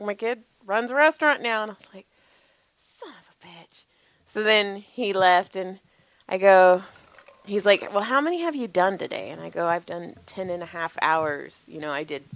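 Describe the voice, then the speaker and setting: A chatty woman tells stories, laughing, swearing freely and acting out the other people's lines. Her voice sits at a middle pitch and sounds tired. The recording is dry and close. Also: no echo. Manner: animated, laughing, swearing freely, acts out quotes. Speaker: podcast co-host, massage therapist. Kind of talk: casual storytelling chat.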